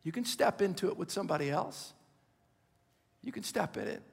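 A man in his fifties delivers a fervent sermon, pleading with his congregation and then sinking into hushed asides. His voice sits high and sounds husky and gravelly. It carries a long reverb from the large church hall around him. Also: animated, normal speed. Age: 50s. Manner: impassioned, urgent preaching that drops to hushed asides. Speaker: pastor.

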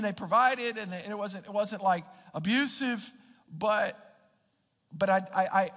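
A man preaching a sermon as pastor, halting and repeating his words as he speaks straight to the congregation. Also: high voice, fairly bright tone, big-room sound.

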